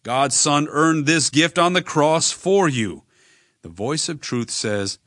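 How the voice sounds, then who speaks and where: Bright-voiced preacher man, earnest. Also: fairly high pitch, expressive, no echo, clean studio sound. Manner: earnest, measured preaching with slow emphatic phrases; direct address to listener. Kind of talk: sermon.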